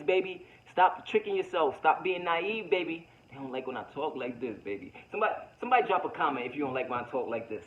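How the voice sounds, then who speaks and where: A man's voice: fairly high pitch, lively intonation, fast talker, hardly any pauses, fairly bright tone, muffled recording. Preachy slangy male vlogger. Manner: preachy, slangy, repetitive, addresses viewers as baby. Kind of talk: motivational vlog monologue.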